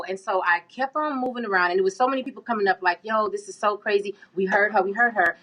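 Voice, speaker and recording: A woman's voice: medium pitch, fast, sharp tone, low-quality recording. A woman answering interview questions, telling her story in an emphatic, indignant way.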